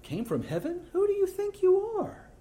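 A man's voice: wildly swooping pitch, moderate pace, dark tone, exaggerated voice. A man voicing an indignant, mocking male Pharisee who scoffs in disbelief, as a preacher acts out a scene in a sermon. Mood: scoffing. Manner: incredulous, shrill and mocking.

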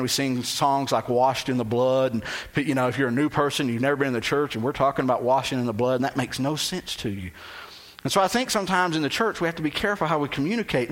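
A man's voice: mid-range voice, a bit bright. A man pastor preaching a sermon who talks emphatically and keeps asking his congregation questions.

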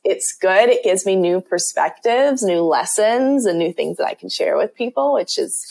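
A woman chatting as a guest on a podcast, in a middle-pitched voice. She hesitates and restarts a lot and laughs easily. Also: lively intonation, normal speed, creaky, a little mellow. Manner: hesitant, many fillers, giggly. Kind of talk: casual chat.

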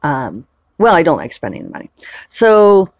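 A woman's voice: low voice, very animated, moderate pace, gravelly, a little mellow, dry recording. A woman in a casual, rambling chat who laughs often as she talks through her week. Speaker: author and vlogger.

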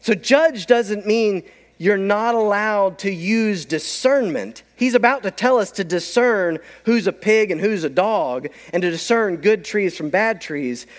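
A man preaching a sermon, telling stories with animated delivery and acting out the people in them. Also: high-pitched, a little slow. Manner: animated storytelling, acts out quoted voices. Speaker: pastor.

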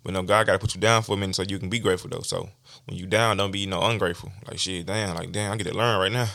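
A young man rattles through a casual motivational monologue at a quick clip. His voice sits low, and he keeps tossing in slang and "you feel me". The sound is dry, with no room echo. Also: fairly even intonation, vocal fry, pushed and bright. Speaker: podcast host.

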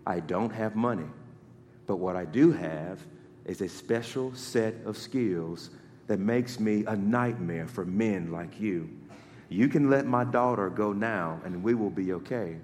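A man voicing a deadly middle-aged father who makes a quiet, measured threat. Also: on the low side, in a large hall, a little hiss or hum, pitched below the performer's own voice, close to an everyday voice. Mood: threatening.

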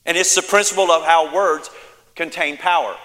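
A man's voice: a little high, fairly even intonation, moderate pace, pushed and bright, big-room sound. A man preaching a sermon as pastor, emphatic, with repeated phrases and calls for an amen from the congregation. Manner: emphatic preaching with repetition and call-and-response.

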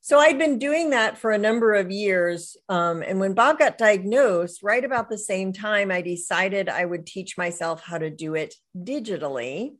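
A woman's voice: medium pitch, expressive, normal speed, few pauses. A middle-aged woman, a widowed author, talking in a casual interview in a reflective way, often restarting her sentences. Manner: warm, reflective, with frequent restarts and soft laughs. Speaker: author and guest.

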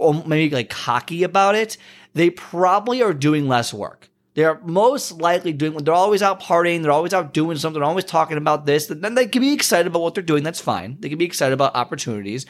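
A man giving a casual motivational rant, rambling and acting out the friends he quotes. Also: on the high side. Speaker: motivational speaker.

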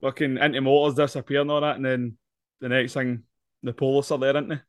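Scottish man, mid pitch, sweary chatty co-host, dry recording. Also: flat delivery, fast talker, no room sound. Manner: sweary, laughs often, chatty. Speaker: podcast co-host. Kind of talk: casual film review chat.

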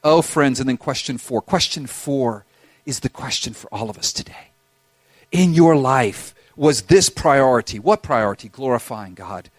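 A man preaching a sermon as pastor, urging his hearers loudly and then dropping to hushed, intense appeals. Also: mid-range voice, lively intonation, a little slow, dry recording. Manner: impassioned, swings between loud urging and hushed intensity.

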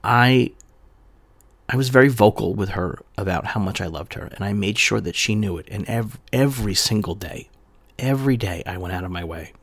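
A man's voice: on the low side, normal speed, husky, no echo. A male podcast host reading a eulogy for his wife and then talking to his listeners, emotional and heartfelt, with his voice rising and falling with feeling.

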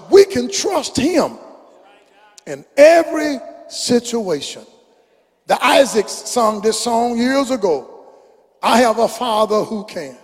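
An older man preaching a fervent sermon in a church, rising into shouts and song-like chanting. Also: extremely high pitch. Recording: long reverb of a large hall.

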